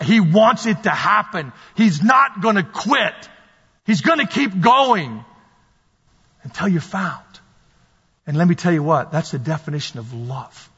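A man preaches fervently, his voice high and husky as he drives home each point again and again. He acts out the voices of the people in his stories. The sound is dull and lo-fi, with a long reverb trailing through the hall. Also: a bit bright. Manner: impassioned, repetitive preaching, acts out quoted voices. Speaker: pastor. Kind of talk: sermon.

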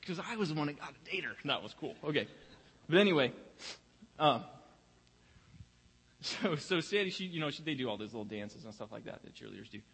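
In a church sanctuary with long hall reverb, a young pastor preaches expressively and briskly in a high-leaning, fairly bright, husky voice with vocal fry. He leaves long pauses, speaks conversationally, and often repeats words while finding his place.

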